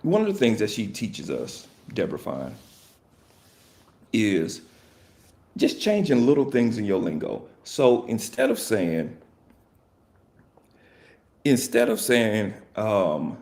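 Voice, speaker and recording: A man's voice: lowish voice, big pitch swings, takes it slowly, pauses often, a little mellow. A man hosting a podcast, talking in a casual, rambling and jokey way, correcting himself and laughing often. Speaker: podcast host.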